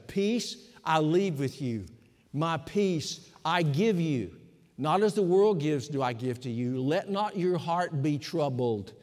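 Male pastor, measured emphatic sermon, slightly high voice, reverberant church hall. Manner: slow, emphatic preaching with pauses.

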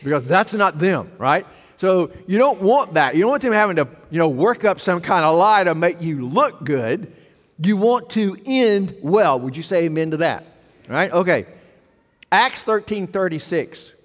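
A man with a high voice preaches a sermon from the pulpit and puts rhetorical questions to the congregation. His voice rings out with a long reverb that trails through a church sanctuary. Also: animated, moderate pace. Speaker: pastor.

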